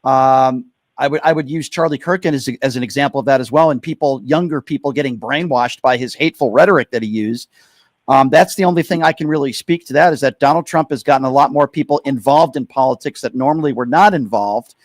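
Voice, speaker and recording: A man hosting a live call-in radio show, pressing callers with pointed questions and cutting in to slow them down. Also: mid-range voice, no room sound, clean studio sound. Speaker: radio talk show host.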